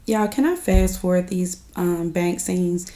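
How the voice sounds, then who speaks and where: A woman's voice: lowish voice, measured pace, warm tone. A woman, chatting casually to viewers as she recaps a TV episode, often laughing and calling them y'all. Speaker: recap host.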